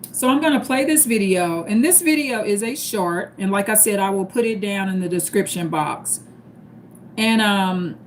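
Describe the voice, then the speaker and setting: Woman, live stream host, slow casual talk, greets viewers, light background noise. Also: a little high.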